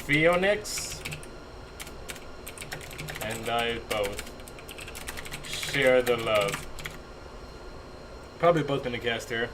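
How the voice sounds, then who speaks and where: A young man casting a strategy game live from his home attic, excitable, laughing often and chatting with his viewers. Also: mid-range voice, extremely slow, long pauses, background noise. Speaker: esports caster. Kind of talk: live game commentary with chat banter.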